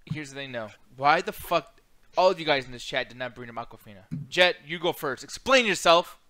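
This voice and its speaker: Casting: high, lively-voiced male podcast co-host, bright tone, profane and giggly. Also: a little fast. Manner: profane, laughs a lot. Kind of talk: casual gaming podcast chat.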